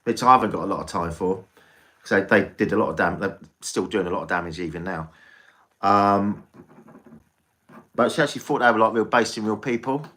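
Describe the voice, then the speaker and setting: A man's voice: fairly low pitch, a little fast, pauses often, sharp tone. An English man chatting casually on a live stream as a tarot reader, rambling and swearing freely.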